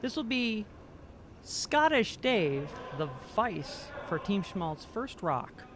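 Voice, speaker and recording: A man's voice: sits high, lively intonation, slow pace, background noise. A man doing amateur commentary on a curling game, joking and self-deprecating and stumbling over players' names. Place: curling rink.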